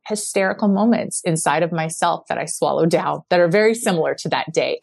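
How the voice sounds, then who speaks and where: Podcast guest: a woman in her forties with a lower voice who tells stories animatedly and acts out the dialogue. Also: gravelly. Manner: frequent filler 'like'. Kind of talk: casual conversation.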